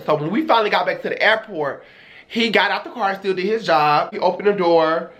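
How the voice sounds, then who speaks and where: A young man with a notably high voice tells a story for his vlog. He talks in a sassy, dramatic way, full of attitude and emphasis. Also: brisk, fairly bright tone. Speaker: streamer telling a story.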